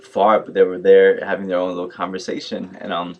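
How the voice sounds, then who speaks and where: A young man telling a story on his vlog in a casual, animated way, full of fillers like "like" and "yo". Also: low voice, brisk. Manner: animated, mimics others in quotes, many fillers like "like" and "yo". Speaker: vlogger.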